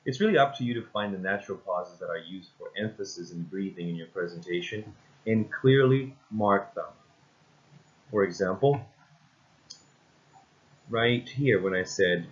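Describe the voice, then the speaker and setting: A man's voice: low-pitched, normal speed, highs cut off. A man teaching a recorded lesson, walking through steps and often saying "again" and "basically" with frequent ums. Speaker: instructor.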